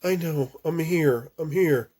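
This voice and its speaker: A gentle young woman whose voice climbs high as she urgently calls out, then softens to hush and comfort, with a man doing the voice. She speaks in short, reassuring phrases, and her tone stays warm and close. It is an audiobook-style reading. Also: slow, breathy edge. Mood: soothing. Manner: soothing, urgent.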